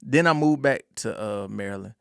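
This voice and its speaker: Gravelly young man with a North Carolina accent. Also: on the low side, moderate pace, no echo, studio quality. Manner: drawling, easygoing storyteller with country slang. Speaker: podcast guest. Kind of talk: casual interview chat.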